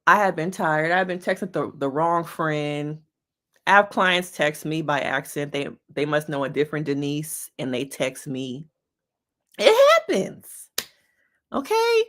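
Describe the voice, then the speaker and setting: A woman's voice: low voice, steady tone, normal speed, a bit bright. A woman, a licensed therapist, giving casual reaction commentary on a reality show, talking straight to her viewers in a chatty, slangy, playful way.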